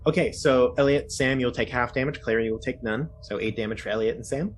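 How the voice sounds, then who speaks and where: A man's voice: medium pitch, fast, slight background noise. Easygoing man running a tabletop game. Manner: casual, many filler ums, laughs easily. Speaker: dungeon master.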